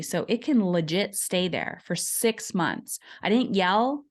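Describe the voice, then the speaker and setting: Animated woman telling a story. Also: medium pitch, slow, few pauses. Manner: animated storyteller, acts out quoted voices. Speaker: podcast guest. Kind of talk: conversational interview.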